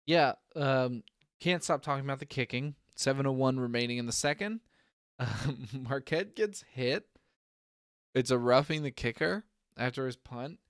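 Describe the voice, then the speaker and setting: A man's voice: medium pitch, moderate pace, clear, resonant tone, no room sound, clean studio sound. A young man co-hosting a sports podcast, chatting casually about football and laughing often. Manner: laid-back, laughs often. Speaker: podcast co-host.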